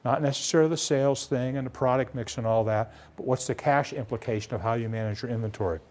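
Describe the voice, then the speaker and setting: Speaking quickly in a slightly mellow voice, a man leads a live small business seminar in a seminar room. He keeps things conversational, fires off rhetorical questions, and imitates a demanding debtor by raising his pitch.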